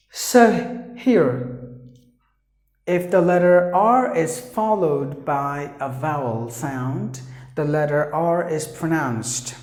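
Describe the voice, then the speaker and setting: A woman's voice: low-pitched, darkish tone, reverberant. A woman teaching pronunciation, repeating words and explaining patiently with fillers. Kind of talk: pronunciation lesson.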